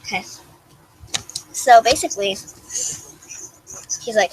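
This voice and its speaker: A woman's voice: mid-range voice, steady tone, slow pace, long pauses, breathy edge, no echo, rough recording. A young woman vlogger rambling through a story to camera in a casual, giggly way, full of restarts and "like".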